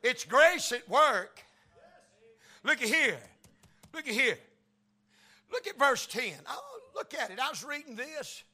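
A man preaching a sermon in a slow, folksy Tennessee drawl, building to loud shouted peaks. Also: very high voice, very animated, husky. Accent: Tennessee Southern US.

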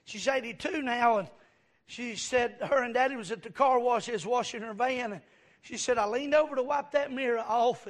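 A middle-aged man, preaching a sermon in a folksy storytelling way that builds into shouted preaching. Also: extremely high pitch, normal speed. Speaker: pastor.

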